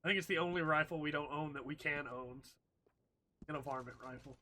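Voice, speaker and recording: A man's voice: fairly high pitch, fairly quick, pushed and bright. A man streaming a game, chatting with viewers and reading in-game text aloud with joking asides. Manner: chatty, jokey, talks to chat, reads text aloud with asides. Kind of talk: casual gameplay commentary and reading aloud.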